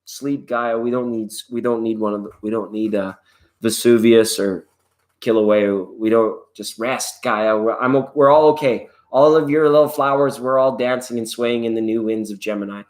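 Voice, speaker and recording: A middle-aged man chats his way through a live tarot reading, loose and wandering, slipping in jokes as he goes. His voice sits at an ordinary male pitch and stays relaxed and conversational. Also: normal speed. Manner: loose and playful, drifts into jokes and snatches of song. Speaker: tarot reader hosting a live stream. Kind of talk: casual rambling live-stream chat.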